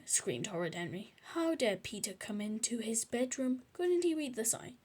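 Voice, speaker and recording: Lady reading a kids' book aloud, high-pitched, chats between pages. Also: sing-song, normal speed, a little mellow, slightly rough. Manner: chatty asides. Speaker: storyteller.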